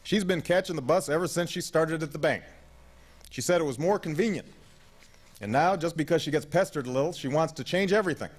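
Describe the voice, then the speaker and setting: A man putting on a gruff old grandfather who grumbles and gets defensive, his voice pushed higher and tighter than the narrator's. He talks in agitated bursts in a storybook reading. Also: a little fast. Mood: grumbling.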